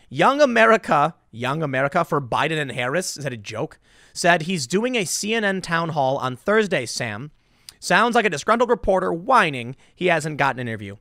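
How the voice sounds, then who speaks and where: Guy ranting about politics, high lively voice, bright and punchy, dry sound. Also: dry recording. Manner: animated, emphatic, repeats words. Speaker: political commentator. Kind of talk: opinionated commentary vlog.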